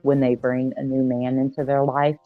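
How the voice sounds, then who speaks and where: A man from Georgia explaining things in a calm, measured way during a casual call-in chat. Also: mid-range voice, no room sound, narrow, tinny audio, soft background music.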